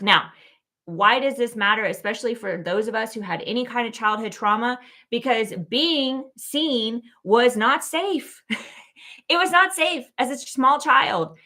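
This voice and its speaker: A woman hosting her own show, giving a casual, animated motivational talk full of "like" and "okay?". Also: medium pitch. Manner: animated, chatty, lots of "like" and "okay?". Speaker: keynote speaker and show host.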